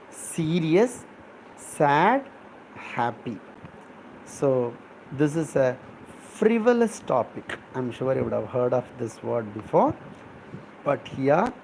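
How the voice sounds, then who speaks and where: A middle-aged man explains words in a patient lesson. He repeats terms and spells them out letter by letter, in a voice of ordinary pitch. Faint noise hums under the recording. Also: a little mellow, low-quality recording. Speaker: English professor. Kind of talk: exam-prep vocabulary lesson.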